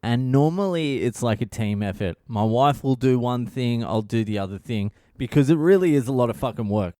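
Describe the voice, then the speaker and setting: A tired man rambles through a story on his solo podcast, swearing at every turn and sounding exasperated. His voice sits in an ordinary middle pitch. The recording is dry and close, with no room sound. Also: lively intonation, moderate pace, dark tone, dry recording. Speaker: podcast host, comedian. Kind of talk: casual solo monologue.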